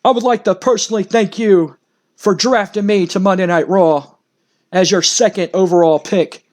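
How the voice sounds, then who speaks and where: A man voicing a brash, swaggering male wrestling star who talks in a boastful way. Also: high-pitched.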